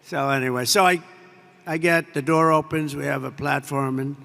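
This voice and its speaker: An older American president addresses troops in a large air base hall, his fairly high voice creaky, bright and forceful, with fairly even intonation at normal speed. The off-the-cuff speech wanders through superlatives and asides, echoing with long reverb from the hall.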